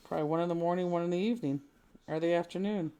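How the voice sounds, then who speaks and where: A woman's voice: fairly low pitch, racing, warm tone, clean tone. A woman hosting a live online craft class, chatting casually, laughing often and thinking aloud as she works. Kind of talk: casual live-stream chat while crafting.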